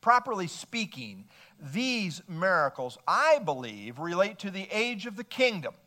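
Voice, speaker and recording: A man preaching a measured expository sermon, working through scripture passages and citing verses as he goes. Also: high voice, very animated, pushed and bright. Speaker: pastor.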